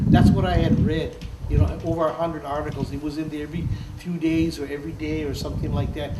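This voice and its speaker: Older guy with a lilt telling old stories, kinda high voice, roomy sound, a bit off mic. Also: distant mic. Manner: storytelling, laughs often, acts out quotes. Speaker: interviewee, former activist. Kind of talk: oral history interview. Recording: roomy, off-mic, faint background noise.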